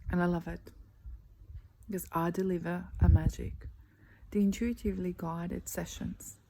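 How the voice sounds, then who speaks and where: Woman, forties, motivational coaching, low mellow tone, slight background noise. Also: fairly even intonation. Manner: earnest, slow and emphatic, often dropping to a breathy near-whisper. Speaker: life coach. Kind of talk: motivational talk.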